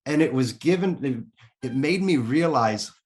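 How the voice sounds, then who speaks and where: A middle-aged man from the Kansas City area, a guest in a casual interview, telling his own story in an animated way, swearing freely and voicing his own thoughts aloud. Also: mid-range voice, normal speed.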